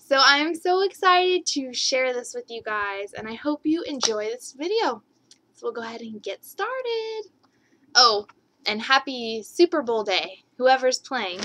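A young woman gushing excitedly to her camera in a home video, recorded on the camera's microphone. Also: high-pitched, noisy background. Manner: bubbly, gushing. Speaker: vlogger. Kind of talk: excited haul vlog.

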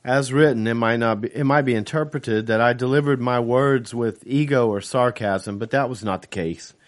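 A man reading his own novel aloud as first-person audiobook narration, in a steady, measured way. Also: medium pitch.

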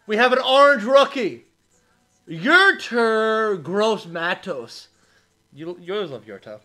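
Card break host, male, excitable, bright tone, unhurried delivery. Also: high-pitched. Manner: excitable, shouts over big pulls; reads out player names one by one. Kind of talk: live card-opening stream.

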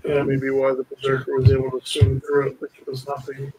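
A man chatting casually over voice chat while playing a game, easygoing and quick to laugh at himself. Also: medium pitch, monotone, background noise. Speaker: streamer playing a survival game.

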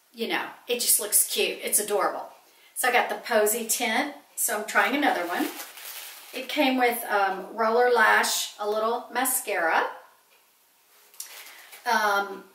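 A woman's voice: medium pitch, bright, forceful tone. Gushing woman in an echoey room. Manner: gushing, chatty, exclaims over cute things. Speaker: vlogger showing purchases. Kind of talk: casual haul chat to camera. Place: home office, indoors. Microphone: camera set on a small table.

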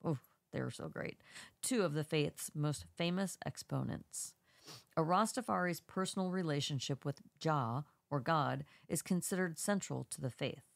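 A woman's voice: low-pitched, normal speed, gravelly, no echo. A woman co-hosting a podcast with a congested voice, reading an article aloud with small stumbles and brief asides. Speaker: podcast co-host.

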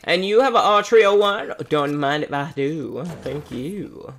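A man's voice: a little high, unhurried. A man giving live commentary over his own gameplay, taunting opponents and talking to himself as he plays. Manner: animated, taunts enemies, talks to himself. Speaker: gaming streamer.

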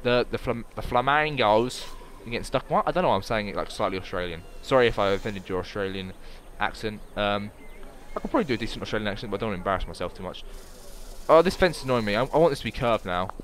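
A man giving casual let's-play commentary, excitable and swearing often as he talks to himself while playing. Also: fairly low pitch, fast talker, a little hiss or hum. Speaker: gameplay commentator.

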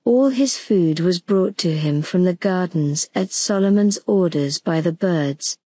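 A woman narrating a gentle bedtime story for sleep, slow and soothing. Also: lowish voice, no room sound. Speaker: audiobook narrator.

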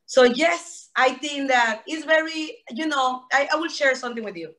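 A woman from Panama speaks English with a Panamanian Spanish accent, sometimes choosing unusual phrasing. She sounds enthusiastic, with a slightly high, bright and forceful voice. She is talking over a video call. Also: normal speed. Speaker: human rights advocate. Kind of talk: casual video-call interview.

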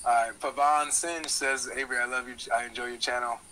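Casual male debater, laid-back, crisp bright tone. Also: mid-range voice, fairly even intonation, quick pace, poor audio. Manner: easygoing, says bro a lot.

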